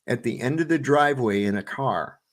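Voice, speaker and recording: A man's voice: medium pitch, brisk. A middle-aged man co-hosting a casual podcast, telling stories in a blunt, profane, ranting way. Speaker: podcast co-host. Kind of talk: casual profane storytelling chat.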